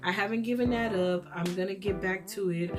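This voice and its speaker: A woman's voice: mid-range voice, steady tone, brisk, over music. Rambling Texan woman giving a pep talk. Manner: encouraging, preachy pep talk; scattered, rambling. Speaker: podcast host. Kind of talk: rambling solo chat.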